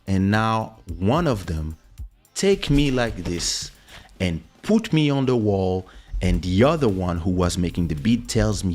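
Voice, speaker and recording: A man tells a story from his own life in a loose, lively way. His fairly low voice jumps up whenever he acts out the people in the story. Faint music plays softly behind him. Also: measured pace. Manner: animated, acts out quoted voices. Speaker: podcast host telling a story. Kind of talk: casual storytelling.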